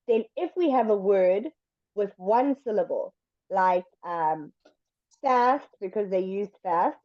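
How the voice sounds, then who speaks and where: A woman with a mid-range voice patiently leads an online English lesson. Speaking slowly and deliberately, she stretches words to show how they sound. The recording is dry, and the high frequencies are cut off.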